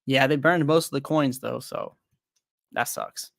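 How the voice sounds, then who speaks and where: Measured in pace, mid-range with vocal fry and some brightness, this young man streams about crypto trading in clean studio audio without echo. He rambles through viewer comments, restarting often, and is frank and self-deprecating.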